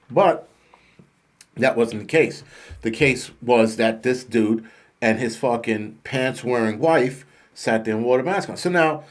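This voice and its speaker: A man's voice: mid-range voice, unhurried. A middle-aged man hosting his own channel, telling a story and ranting bluntly with heavy swearing. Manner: profane, heated, blunt storytelling. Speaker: host. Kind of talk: ranting monologue to camera.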